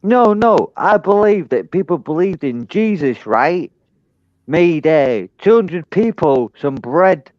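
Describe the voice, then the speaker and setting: A brash man, talking through earphones in a dull, dry, boxy sound. His voice sits a touch high, and he needles and swears his way through casual chat. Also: sing-song, takes it slowly, no room sound. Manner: brash, profane, heckling. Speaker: panel guest.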